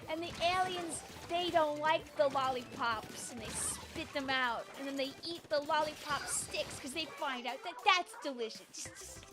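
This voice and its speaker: Woman, 20s, home game streamer; bright high voice, chatty and giggly, music playing behind. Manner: rambling, chatty, laughing often, reads out chat. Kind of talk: casual live-stream chat while gaming.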